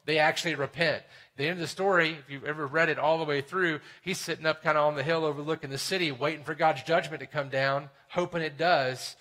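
A man preaching a sermon in a conversational way, often asking "right?" and dropping to a hushed tone for serious points. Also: fairly high pitch, steady tone, fast, hardly any pauses. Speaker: pastor.

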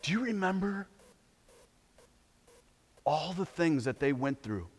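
Male pastor, high voice, dramatic sermon delivery, hushed to loud; reverberant hall. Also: big pitch swings, takes it slowly, breathy edge. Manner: dramatic swings between hushed and loud, exhorting.

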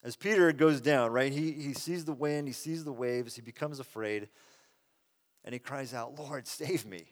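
Earnest pastor preaching in a big hall. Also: male voice, mid-range voice, normal speed. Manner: conversational and earnest, swelling loud then dropping soft. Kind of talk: sermon. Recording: long reverb of a large hall.

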